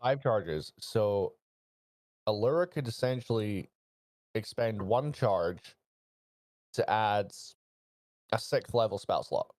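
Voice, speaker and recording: A man's voice: on the low side, expressive, takes it slowly, pauses often, a little mellow. A man playing in a tabletop game, asking questions to make sure he understands the rules. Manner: asks questions to check the rules. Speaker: player. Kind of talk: casual chat at a game table.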